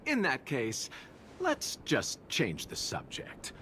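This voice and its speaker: A suave, courteous merchant. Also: male voice, mid-range voice, huge pitch swings, slow, sharp tone, slight background noise, exaggerated voice. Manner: refined, courteous, amused. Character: suave polite male merchant carrying a coffin. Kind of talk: video game cutscene dialogue.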